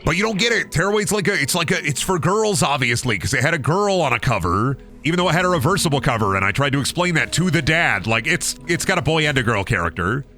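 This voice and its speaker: Young male streamer, animated and rambling, bright tone, faint background music. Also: a little high, quick pace, hardly any pauses. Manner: rambling, animated anecdote with lots of fillers and swearing. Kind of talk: casual storytelling on a game stream.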